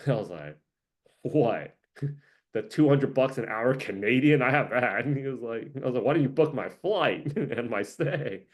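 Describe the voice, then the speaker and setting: A man's voice: mid-range voice, lively intonation, measured pace. A man hosting a casual career-coaching monologue, rambling, joking and laughing often.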